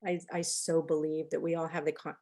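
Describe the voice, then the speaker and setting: A woman's voice: sits low, level tone, brisk. Affirming woman podcast host. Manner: warmly affirming, laughs often. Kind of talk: casual interview chat.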